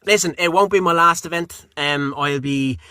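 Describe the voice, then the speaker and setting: A young Irish man, a voice actor being interviewed, telling stories in a lively way, acting out quotes and swearing casually. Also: fairly high pitch, moderate pace, clear, resonant tone, no room sound. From Ireland. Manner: animated storyteller, acts out quotes, swears casually. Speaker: guest voice actor.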